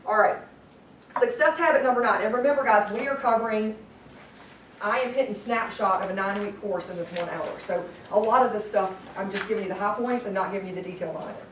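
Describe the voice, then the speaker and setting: A woman leading a live sales training class, energetic and constantly quizzing her audience. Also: mid-range voice, fast, slight background noise. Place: meeting room with a group. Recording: echoey room, distant mic.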